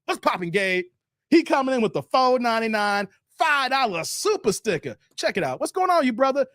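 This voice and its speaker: A man's voice: very high voice, very animated, fairly quick, a bit bright, dry recording, clean studio sound. A man hosting a casual livestream, reading viewer comments and teasing them playfully with slang. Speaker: livestream host.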